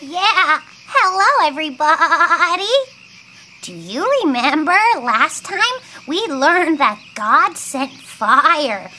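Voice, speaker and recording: A woman's voice: high-pitched, lively intonation, slow, pushed and bright, slight background noise, exaggerated voice. A woman voicing a cheerful young child puppet in a children's Bible lesson, talking in an eager, sing-song way.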